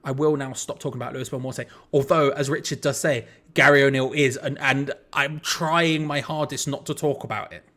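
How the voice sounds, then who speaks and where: A man's voice: medium pitch, steady tone, fairly quick, few pauses, a bit bright. A young man hosting a live football watch-along, calling the play casually and chatting to viewers with frustrated asides. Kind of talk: live match commentary and chat.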